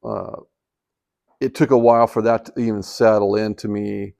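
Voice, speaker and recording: A man's voice: fairly low pitch, fairly even intonation, normal speed, vocal fry, a little mellow. An older man in retirement telling a personal story in a casual, rambling way, with many fillers and restarts. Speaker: vlogger telling life stories.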